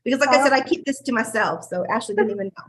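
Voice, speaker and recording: A woman's voice: fairly high pitch, very fast. A woman hosting a casual group video call, gushing over members, laughing often and restarting her sentences.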